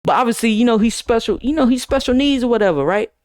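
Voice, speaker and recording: A young man streaming, telling a wild high school story to his chat, laughing and swearing as he goes. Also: fast talker, darkish tone, smooth. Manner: swearing, laughing, big dramatic voice swings. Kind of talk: animated storytelling to a live chat.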